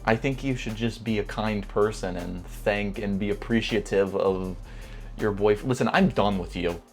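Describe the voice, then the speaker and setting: A young man hosting a casual reaction video, animated and easily worked up, swinging between loud and soft. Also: on the low side, normal speed, soft background music. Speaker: video host.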